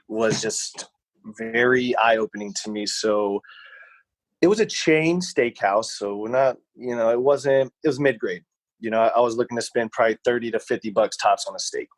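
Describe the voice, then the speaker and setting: A man's voice: mid-range voice, dry recording, poor audio. A young man on a podcast, rambling through a personal story and acting out what people said. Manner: rambling, animated anecdote with voiced quotes. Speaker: podcast co-host. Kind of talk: casual storytelling.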